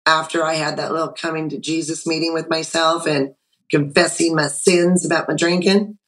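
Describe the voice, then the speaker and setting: Woman, middle-aged, guest, video call, animated storytelling, emotional. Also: sits low, moderate pace, low-quality recording. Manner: animated, emotional, acts out her own quotes. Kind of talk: casual storytelling.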